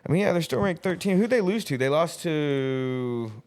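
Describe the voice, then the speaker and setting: A man's voice: a little high, lively intonation, normal speed, a little mellow. A young man co-hosting a sports podcast, laid-back and hesitant, often restarting his sentences. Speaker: podcast co-host. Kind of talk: casual sports chat.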